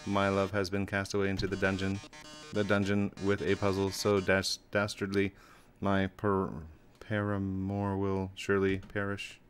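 A man's voice: deep voice, completely flat delivery, moderate pace, soft background music, natural voice. Mettaton, a melodramatic robot showman, as a man puts him on. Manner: melodramatic, mock-grieving, gloating. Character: flamboyant theatrical male robot TV star.

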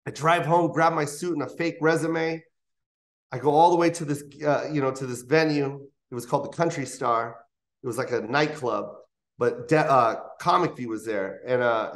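A comedian in his fifties telling stories in an interview, acting out other people's voices along the way. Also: mid-range voice. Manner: animated, acts out voices in anecdotes. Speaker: comedian guest. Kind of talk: interview storytelling. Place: interview studio.

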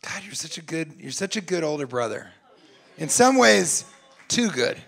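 A man's voice: on the high side, big pitch swings, normal speed, vocal fry, fairly bright tone. A man doing crowd work in stand-up comedy at a club, brash and profane, teasing people in the audience and slipping into mocking voices of them. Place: comedy club stage before a live audience.

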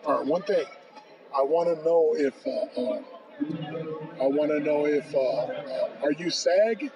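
A man in his fifties, a podcast guest, telling a long anecdote with lively acted-out dialogue and frequent "bro.". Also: fairly high pitch, takes it slowly, vocal fry. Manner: lively storyteller acting out both sides of phone calls, says "bro" often. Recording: distant, dull and noisy.

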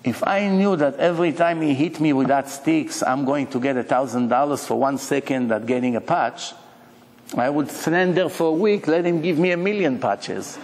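A man's voice: a little high, normal speed, a little mellow, close to an everyday voice. A man voicing a beaten Jewish man from a parable, speaking plaintively and full of regret. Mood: rueful. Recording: long hall reverb.

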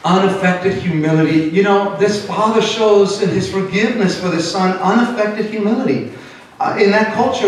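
A middle-aged man preaches a sermon with animated delivery and a fairly high voice. He is picked up from some distance in a very echoey church hall. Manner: animated, switches into Spanish, acts out quotes. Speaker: pastor. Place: church sanctuary.

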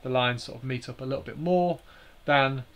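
A man's voice: mid-range voice, normal speed, highs cut off. A man hosting a live stream, explaining slides in a hesitant way with many fillers and restarts.

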